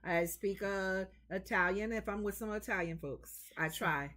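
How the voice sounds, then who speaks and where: A woman co-hosting a casual chat show, telling stories in an animated way. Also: mid-range voice, moderate pace. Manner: animated storyteller, acts out voices in her stories. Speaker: co-host.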